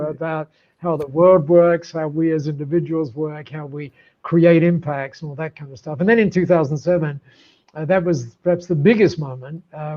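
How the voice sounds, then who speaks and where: Animated older man telling stories. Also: fairly high pitch, highs cut off. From Australia. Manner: animated, repeats words while building up a story. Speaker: podcast guest. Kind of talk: storytelling in an interview. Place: room lined with books.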